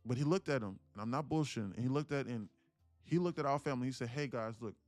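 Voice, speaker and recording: A day trading streamer of about thirty tells viewers a heartfelt story on a live stream, emphatic and repetitive, constantly saying "listen, look" and swearing casually. His mid-range voice is quick and a little mellow, picked up by a dry close mic with no echo and faint music behind.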